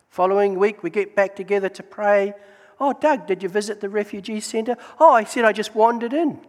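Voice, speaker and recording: New man, high-pitched storyteller sharing testimony in a reverberant hall. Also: brisk. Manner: storytelling, animated, exclaims praise. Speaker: Gideons member giving testimony. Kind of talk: church testimony talk.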